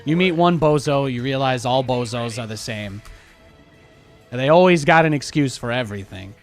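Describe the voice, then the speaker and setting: A man's voice: mid-range voice, lively intonation, moderate pace, faint music behind. A young man from New York City streaming a game and chatting casually, with sarcastic, ranting asides. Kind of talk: casual live-stream chat.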